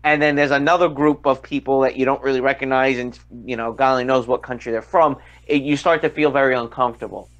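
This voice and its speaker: A man from the United States, co-hosting a casual podcast chat and telling stories in an animated way over a remote call. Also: mid-range voice, quick pace, hardly any pauses, dull audio. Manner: animated storyteller acting out quotes. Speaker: co-host.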